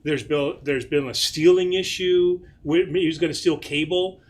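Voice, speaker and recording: A man with a fairly high voice hosts a church Q&A livestream as its priest. He talks in a casual, rambling way, full of fillers and restarts. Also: moderate pace.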